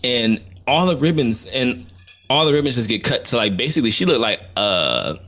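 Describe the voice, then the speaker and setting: A man's voice: medium pitch, big pitch swings, normal speed, a bit bright. A man co-hosting a podcast in a casual anime chat, recapping scenes enthusiastically with lots of fillers. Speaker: podcast co-host.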